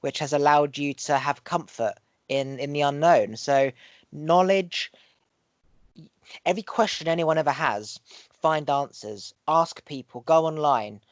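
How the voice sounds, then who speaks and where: A man's voice: on the high side, a little slow, no echo. A man hosting a podcast, talking in an earnest, preachy way, repeating phrases in rhythm and swearing for emphasis. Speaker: podcast host. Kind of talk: casual podcast chat.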